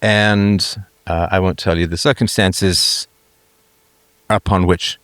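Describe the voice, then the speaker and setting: A man's voice: deep voice, fairly even intonation, slow, a bit bright, no room sound. A middle-aged man hosting a live talk show, musing aloud in a jokey way, full of fillers and restarts. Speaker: host.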